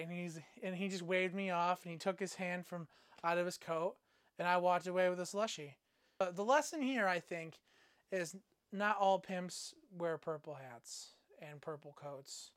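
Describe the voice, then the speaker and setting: A man spinning a rambling, self-mocking comic tale. His voice is smooth and clear, and the sound is dry and close, with no room around it. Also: high-pitched, normal speed, no room sound. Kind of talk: comic storytelling.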